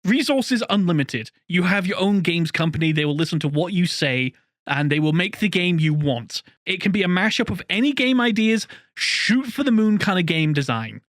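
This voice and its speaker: A man's voice: sits high, moderate pace, dry recording, clean studio sound. A man co-hosting a casual podcast chat, setting up topics and posing questions to his co-host. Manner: poses questions and sets up topics in an animated way.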